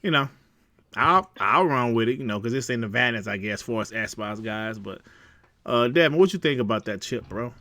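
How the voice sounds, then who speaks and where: Bright lively guy hosting a gaming podcast, voice jumping all over, slangy, dry close sound. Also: mid-range voice, normal speed, dry recording. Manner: lively, slangy, laughs easily. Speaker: podcast host. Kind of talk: casual gaming podcast chat.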